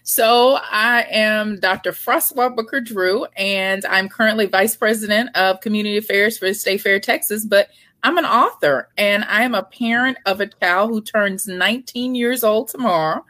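A woman in her forties speaks as a guest in a casual interview and tells candid stories about parenting. Her voice is mid-pitched and close to the microphone, and the sound is dry with little room echo. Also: normal speed, fairly bright tone. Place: Texas.

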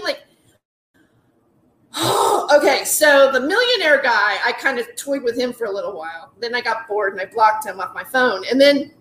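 High-voiced rambling woman in her forties. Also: a bit bright, reverberant. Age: 40s. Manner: rambling, many "like"s and restarts, laughing asides. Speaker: comedian. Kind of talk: casual storytelling monologue.

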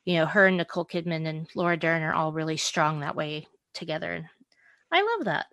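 A woman's voice: sits low, animated, brisk, fairly bright tone, dry recording. Chatty giggly woman podcast host. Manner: chatty, hedging with "you know", giggly. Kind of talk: casual chat.

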